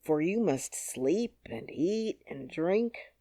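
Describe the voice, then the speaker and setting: Woman doing a slow, thoughtful scarecrow. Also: fairly low pitch, expressive, dark tone, no echo. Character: kindly male scarecrow, thoughtful and patient. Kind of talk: audiobook character reading.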